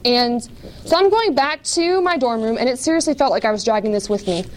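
A woman's voice: a little high, lively intonation, brisk, a little hiss or hum. A woman giving a casual personal testimony to an audience, candid and chatty, full of "like" and small laughs at herself.

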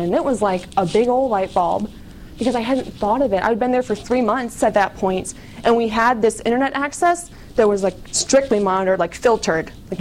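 A woman's voice: mid-range voice, slight background noise, low-quality recording. A young woman from the United States giving a candid personal testimony to an audience, chatty and full of fillers.

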